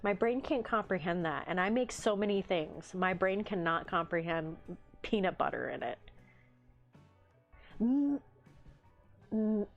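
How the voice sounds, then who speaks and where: Lively, laughing woman streamer. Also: medium pitch, measured pace, long pauses, dull audio, soft background music. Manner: laughs often, playful teasing reactions to chat. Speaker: livestream host. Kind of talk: casual chat reading live chat.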